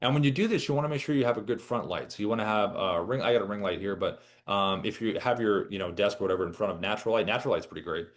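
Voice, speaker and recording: A man giving a relaxed, chatty software tutorial as a product trainer. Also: fairly low pitch. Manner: relaxed, chatty, with lively ups and downs. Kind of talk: casual screen-share tutorial.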